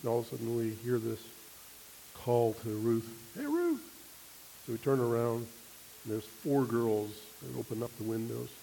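Male preacher, middle-pitched, animated storyteller, slight hiss on the recording. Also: normal speed, creaky, rough recording. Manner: animated storytelling, laughing, acting out quoted voices. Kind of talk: sermon with personal story.

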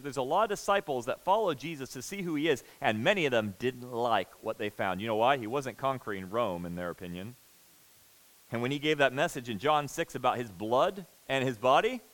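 A man preaching a sermon, earnest and emphatic, moving between loud stress and hushed intensity. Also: medium pitch, rough recording. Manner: earnest, emphatic, repeats words when stressing a point.

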